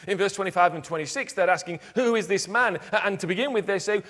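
A man preaching a sermon in church, earnest, dropping to quiet emphatic points. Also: high-pitched, fast talker. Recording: long hall reverb.

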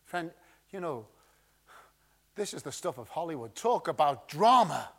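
A man preaching a sermon and reading scripture, swinging dramatically between loud emphasis and hushed tones. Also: on the high side, big pitch swings, unhurried.

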